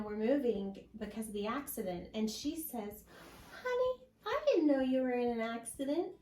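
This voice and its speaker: A woman guest sharing a personal faith testimony in an interview, telling her story slowly and from the heart. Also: on the high side, darkish tone, roomy sound, low-quality recording. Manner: slow, heartfelt storytelling with many pauses.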